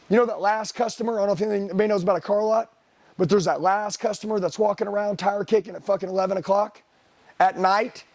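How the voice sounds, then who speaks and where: Middle-aged guy yelling sales motivation, high voice, swears a lot, dry sound. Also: no echo. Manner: blunt, swearing, hammering questions at the room. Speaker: sales trainer. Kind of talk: profane motivational sales talk.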